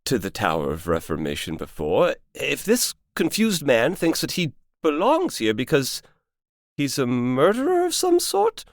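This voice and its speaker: A man voicing a polite, fussy male warden who speaks formally, with halting starts. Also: mid-range voice, dry recording, clean studio sound.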